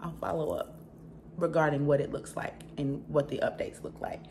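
A woman's voice: low-pitched, steady tone, moderate pace, mellow, a little hiss or hum. A middle-aged woman from the American South with a Southern accent, chatting casually and emphatically to viewers in a home haul vlog. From Southern United States. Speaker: channel host.

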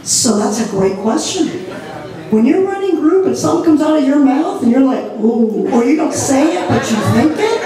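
A woman leading a church training session, lively and laughing as she acts out examples. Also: high-pitched, fairly quick, a crowd in the background. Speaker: ministry group leader trainer. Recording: echoey room, mic far off.

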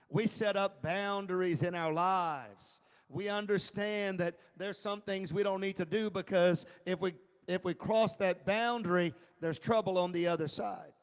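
A high-pitched man preaching to an adult Bible class, emphatic and often chuckling. He drops to a hush, then builds toward shouting. His voice carries a long reverb from a church hall. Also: unhurried, smooth. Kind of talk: sermon-style Bible teaching.

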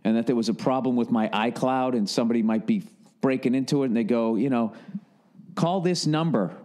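A middle-aged man hosting a podcast, telling a comedic story in an animated, profane rant. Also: medium pitch, fast talker. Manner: animated and profane, working himself up. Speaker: podcast host.

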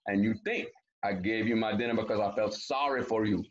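A man's voice: on the low side, fairly quick, highs cut off, slight background noise, close to an everyday voice. A man voicing a big, strong crab who is gullible at first and then turns angry, in a storybook reading.

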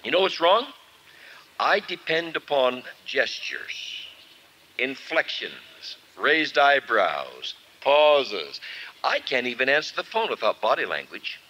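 A man preaching a sermon at a camp meeting and leading the congregation in song, talking expressively with pauses. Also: mid-range voice, slight background noise. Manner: expressive, leads singing, animated pauses. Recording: dull lo-fi 1970s tape with faint music.

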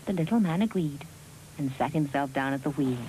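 A woman narrating a fairy tale in a measured, expressive storybook style. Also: sits low, very noisy.

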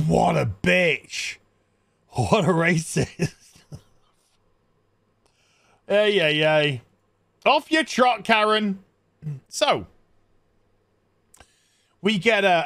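A man recapping a film with mocking disbelief, his voice fairly high and swooping widely. He talks in an unhurried way, and the sound is dry and close. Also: a bit bright, no echo. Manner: mocking, incredulous, laughing. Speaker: podcast host. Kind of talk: comic movie recap.

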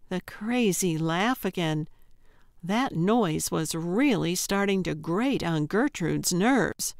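A woman narrating a cozy mystery audiobook in a measured, even storytelling manner on a close studio mic. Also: lowish voice, clean tone, dry recording.

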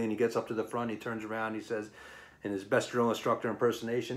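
A man's voice: fairly low pitch, little pitch movement, fast. A middle-aged man, a former firefighter, telling a personal anecdote in a plain-spoken, rambling, self-deprecating way.

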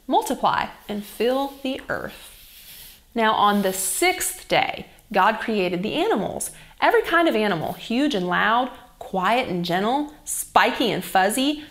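A young woman reading a Bible story to children as a children's church teacher, in a gentle and expressive storytelling manner. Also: mid-range voice.

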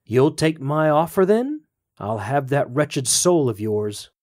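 A man voicing a small, ugly, scheming male devil in a storybook tale, with a low sneering growl. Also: very animated, slow pace, a little mellow. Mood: gloating.

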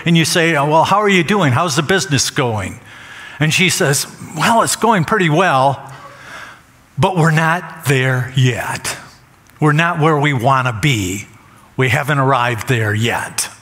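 Emphatic pastor preaching in a hall. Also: male voice, a little high, lively intonation, normal speed, fairly bright tone. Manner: emphatic, repeats phrases for stress. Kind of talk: sermon. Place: church sanctuary. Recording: long church hall reverb.

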